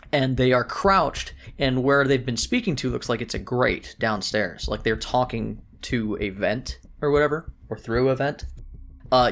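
A man's voice: mid-range voice, fairly bright tone. A man narrating as game master in a tabletop role-playing session, casual and joking. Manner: casual, joking, bro-ish.

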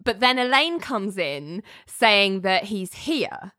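A woman's voice: medium pitch, sing-song, slow pace, pushed and bright, dry recording, clean studio sound. A woman casually recapping a TV episode, chatty and laughing often. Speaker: podcast co-host recapping a TV episode. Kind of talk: casual chat.

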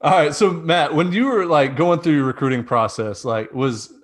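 A man's voice: fairly high pitch, moderate pace. A man co-hosting a casual podcast, asking long, rambling questions full of fillers. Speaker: podcast co-host.

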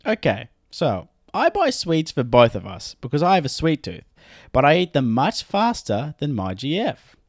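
A man voicing a whiny, squeaky-voiced man who confesses to his sweet tooth as he reads a letter aloud. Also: huge pitch swings, normal speed, dry recording, clean studio sound, heavily acted.

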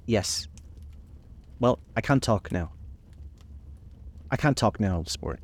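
A man voicing a suave, wealthy young charmer who rises in pitch and then drops low and quiet on his tag phrases, in a book reading. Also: expressive, slow pace, heavily acted. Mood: curt.

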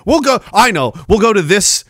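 A Canadian man in his forties, a podcast host telling wild stories in a profane, animated way, laughing often. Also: high-pitched, moderate pace, no echo, studio quality. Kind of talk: casual storytelling.

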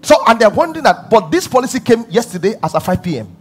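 High-pitched guy preaching, animated, keeps repeating lines for punch, laughs a lot. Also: fast, husky, faint music behind. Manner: emphatic, repeating phrases for stress; animated storytelling, often laughing. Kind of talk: sermon.

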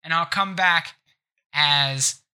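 A man hosting a live gaming podcast, telling bits in a playful, animated way. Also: fairly high pitch, slow pace, clear, resonant tone. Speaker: podcast host.

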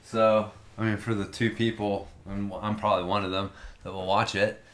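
A man's voice: on the low side, flat delivery, normal speed, a bit bright, reverberant, a little hiss or hum. A man telling a long story in casual chat, rambling and swearing freely.

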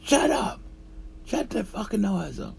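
A man's voice: low voice, animated, moderate pace, a little mellow, husky. A man imitating his small, irritable male kitchen boss who barks orders at the staff. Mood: angry. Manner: barking orders.

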